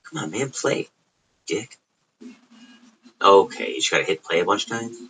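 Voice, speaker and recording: A man's voice: on the low side, expressive, moderate pace, fairly bright tone, a little hiss or hum, low-quality recording. A man with a suburban Chicago accent hosting a casual late-night livestream from home, rambling and profane. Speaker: livestream host.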